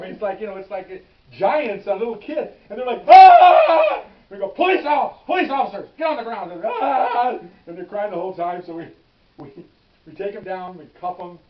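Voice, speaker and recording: An older man, a veteran police officer, telling his stories in a casual, animated way, often restarting phrases and checking in with "okay?". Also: high voice. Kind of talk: casual storytelling. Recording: echoey room, distant mic, dull and hissy.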